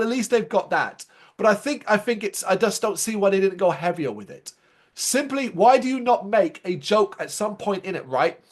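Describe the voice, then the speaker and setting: A man co-hosting a podcast that reviews a show, talking in a casual, animated way. His voice sits high for a man. He is sarcastic and swears freely as he rants. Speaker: podcast co-host.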